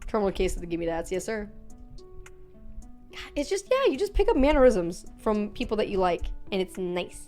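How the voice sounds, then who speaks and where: A woman's voice: medium pitch, big pitch swings, moderate pace, darkish tone, soft background music. A young woman streaming from her room at home, chatting casually with viewers, reading chat aloud and joking between giggles.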